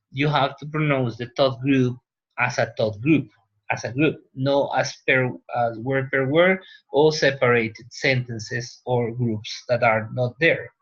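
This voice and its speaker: A man's voice: mid-range voice, fairly bright tone, breathy edge. A male teacher whose first language is Spanish, lecturing a class in a classroom and often checking in with "right?". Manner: unhurried, pauses, checks with "right?". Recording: dull lo-fi classroom recording.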